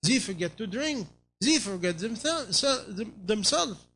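A man's voice: sits high, animated, unhurried, bright, forceful tone, a little hiss or hum. A man preaching a sermon in non-native English phrasing, pressing his listeners with repeated rhetorical questions.

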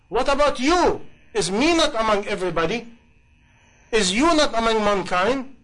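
A man's voice: very high voice, animated, fairly quick, a bit bright, low-quality recording. A man preaching a sermon in passionate, English, with many rhetorical questions. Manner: impassioned, rhetorical questions, non-native grammar.

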